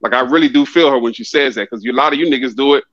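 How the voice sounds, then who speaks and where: A man's voice: mid-range voice, racing, a bit bright, no echo. Blunt man on a dull lo-fi line. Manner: blunt, preachy, profane. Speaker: podcast guest. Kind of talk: casual chat.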